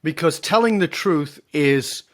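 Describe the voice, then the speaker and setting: A man's voice: fairly high pitch, expressive, unhurried. A middle-aged man, a leadership speaker and podcast guest, telling stories and acting out both sides of the dialogue. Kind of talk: storytelling in a podcast interview.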